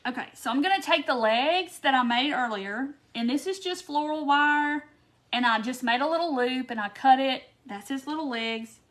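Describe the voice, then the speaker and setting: High-voiced woman chatting. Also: expressive, moderate pace, fairly bright tone, slight background noise. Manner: chatty, storytelling, says "y'all". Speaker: craft host. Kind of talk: casual livestream chat while crafting.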